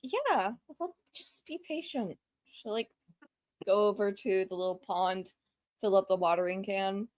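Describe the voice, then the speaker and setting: A woman's voice: mid-range voice, measured pace, a little mellow, no echo. A woman playing in a casual tabletop role-playing game, describing her scene in a loose, chatty way. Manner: chatty, loose, lots of fillers when describing. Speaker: player.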